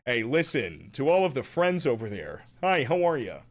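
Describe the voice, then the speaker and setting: A man's voice: mid-range voice, big pitch swings, moderate pace. A man hosting a casual livestream, reading viewer comments and joking and swearing between bits of silly voices. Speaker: livestream host.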